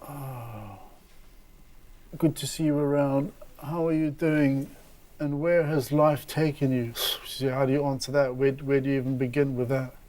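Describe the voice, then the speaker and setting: A man's voice: medium pitch, fairly even intonation, a little slow, a little mellow. A man who is a hospital inpatient, talking in a hesitant, reflective way and dictating an email aloud with restarts. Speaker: hospital inpatient looking for volunteer work. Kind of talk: casual talk and dictation.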